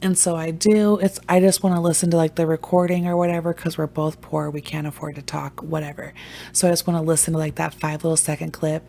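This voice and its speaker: A woman's voice: sits low, fast talker, vocal fry, slight background noise. A young woman casually telling a funny, profane story as a vlogger. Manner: animated, profane, joking.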